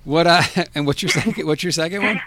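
A man's voice: a little high, quick pace, sharp tone. A man co-hosting a podcast in casual chat, throwing in rowdy interjections and crude banter. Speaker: podcast co-host.

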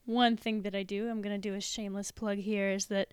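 Smooth, frank woman podcast guest. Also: medium pitch, little pitch movement, brisk, no echo, clean studio sound. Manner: frank, giggly, matter-of-fact. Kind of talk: casual crude podcast chat.

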